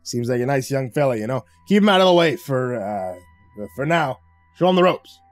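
A man voicing a shady male zoo owner, talking in a hurried, breezy salesman way. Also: mid-range voice, expressive, soft background music, close to an everyday voice.

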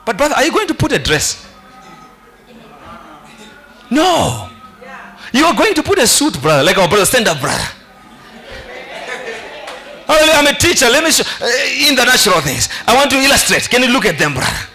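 A man with a South African accent preaching a sermon to a church congregation, often shouting and laughing between lines. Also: extremely high pitch, big pitch swings, normal speed, creaky, pauses often, faint music behind. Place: church hall with an audience.

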